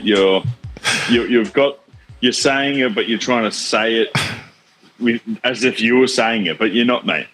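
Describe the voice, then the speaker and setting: A man's voice: lowish voice, fairly bright tone. A young Australian man co-hosting a podcast, teasing his mate and swearing freely in casual banter. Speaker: podcast co-host.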